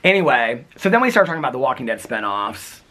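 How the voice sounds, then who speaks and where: A man vlogging on his front porch, telling a rambling story in a chatty, casual way with quick asides. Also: medium pitch, sing-song, sharp tone, a little hiss or hum.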